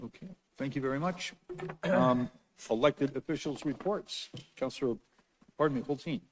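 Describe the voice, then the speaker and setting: A man chairing a city council meeting, speaking haltingly and often repeating words as he thinks. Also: medium pitch, slight background noise. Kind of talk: formal meeting talk. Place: council chamber.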